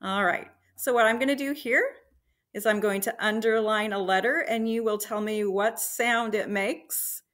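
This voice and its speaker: A woman teacher leading a slow, encouraging phonics lesson for young children, sounding out letters and blending words. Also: mid-range voice, fairly even intonation, fairly bright tone.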